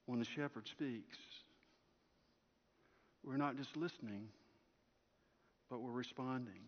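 A man preaching a sermon as a pastor, telling a story and moving between strong projection and hushed softness. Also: mid-range voice, slow. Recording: long hall reverb, dull lo-fi sound.

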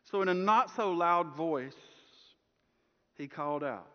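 A man preaching a sermon as a pastor, telling a story and moving between strong projection and hushed softness. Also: on the high side, measured pace. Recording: long hall reverb, dull lo-fi sound.

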